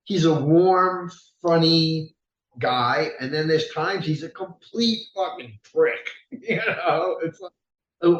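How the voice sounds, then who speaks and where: A rock singer chats through an interview, animated and loose, swearing freely and laughing as he tells stories. His voice sits a little high, and the room rings around him. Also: lo-fi sound. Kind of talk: casual storytelling interview. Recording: roomy echo.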